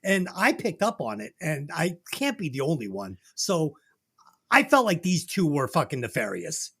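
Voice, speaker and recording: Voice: medium pitch, sing-song, normal speed, fairly bright tone, husky. A podcast host giving opinionated, profane takes in casual movie review chat.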